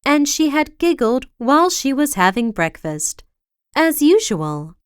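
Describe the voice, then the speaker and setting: A woman reading a children's storybook aloud in a slow, expressive way, with big swings for effect, on a close mic. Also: sits high, no echo.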